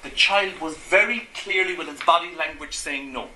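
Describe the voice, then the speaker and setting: Speaking at normal speed in a slightly high, sharp voice, a male Gestalt therapist gives a talk in an echoey room with faint ambience and a little hiss or hum. He lectures the audience in front of him, throwing out rhetorical questions and acting out everyday scenarios.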